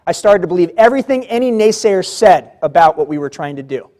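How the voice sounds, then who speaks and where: A man with a high-pitched voice delivers a motivational keynote at a civic luncheon. He tells his story with vivid drama and voices the other people in it as he goes. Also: animated, fast, few pauses, mellow. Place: large banquet hall.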